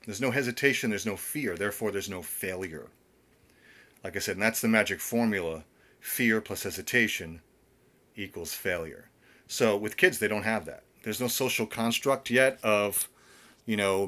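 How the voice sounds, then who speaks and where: Chatty, low-voiced male vocal coach. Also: lively intonation, normal speed, fairly bright tone. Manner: chatty, rambling with many fillers and restarts. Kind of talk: casual live-stream Q&A. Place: home.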